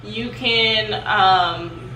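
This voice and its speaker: A young adult woman hosts her own channel in a loose, chatty vlog, using lots of filler words. Her mid-range voice is pushed and bright, with drawn-out words. The recording is roomy, with a distant mic and faint noise.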